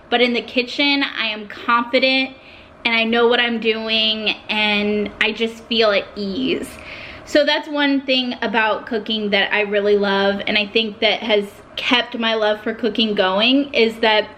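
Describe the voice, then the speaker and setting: Bright-voiced young woman vlogging. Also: fairly high pitch, steady tone, unhurried, slight background noise. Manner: heartfelt, emotional at times. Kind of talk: casual talk to camera.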